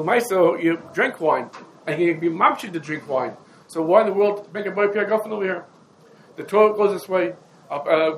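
A man giving a halachic lecture, running through rabbinic sources in quick succession and posing questions to his listeners. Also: high voice, a little hiss or hum, rough recording. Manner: explains rapidly, listing rabbinic sources and quizzing listeners. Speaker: Torah teacher.

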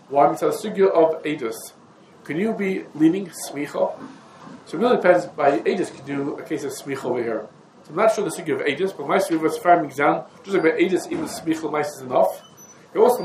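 Man teaching a Torah class in an echoey room. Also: on the high side. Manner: talks through sources in a meandering, conversational way, with Hebrew and Yiddish terms. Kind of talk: halachic lesson. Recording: echoey room with faint ambient noise.

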